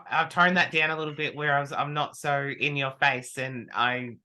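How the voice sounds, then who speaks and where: A man, a podcast guest, talking casually and telling animated stories in which he acts out his own remarks. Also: on the high side, normal speed, few pauses. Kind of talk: casual conversation.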